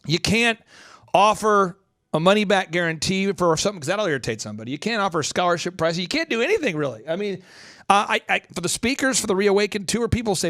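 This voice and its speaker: A man from Oklahoma hosting a business podcast, talking fast in an energetic motivational monologue. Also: sits high, dry recording, clean studio sound. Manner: fast-talking, animated, slips into voice imitations.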